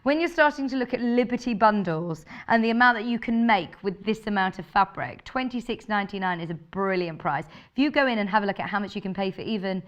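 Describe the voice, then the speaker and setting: A woman with a low, husky voice, chatting in a bubbly way as she presents a live TV shopping show. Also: expressive, fast, few pauses, lo-fi sound. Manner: bubbly, chatty, laughs often. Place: TV studio.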